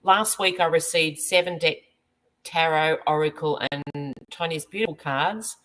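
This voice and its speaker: A woman's voice: sits low, a little slow, fairly bright tone, poor audio. An Australian woman hosting a casual chat as a medium, reading viewer comments aloud and laughing often. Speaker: medium and host.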